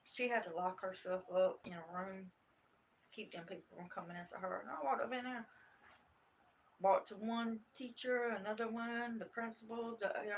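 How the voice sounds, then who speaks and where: A middle-aged woman hosting a live stream from home, telling a story in an animated, emphatic, folksy way. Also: mid-range voice, normal speed, slight background noise. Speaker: crochet channel host.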